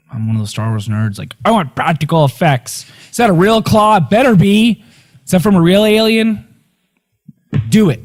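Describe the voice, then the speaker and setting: A man co-hosting a casual movie chat show, excitable and jokey. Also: medium pitch. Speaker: podcast co-host.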